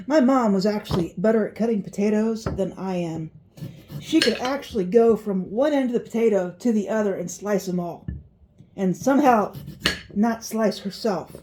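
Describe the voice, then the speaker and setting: A woman's voice: mid-range voice, moderate pace, darkish tone, a little hiss or hum. A middle-aged woman chatting in a folksy way as she cooks in her home kitchen, with reminiscing asides. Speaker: home cooking vlogger. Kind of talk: casual cooking vlog.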